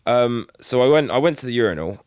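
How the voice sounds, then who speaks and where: A man's voice: medium pitch, expressive, a little fast, a little mellow, smooth, dry recording, clean studio sound. A young man co-hosting a casual podcast chat, telling stories, laughing often and trailing off into fillers. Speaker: podcast co-host.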